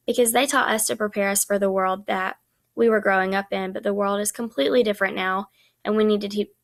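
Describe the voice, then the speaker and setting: A young woman talks through a recorded class presentation in a casual, chatty way, full of ums. Her voice sits at a middling pitch and has a slightly gravelly edge. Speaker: student teacher presenting.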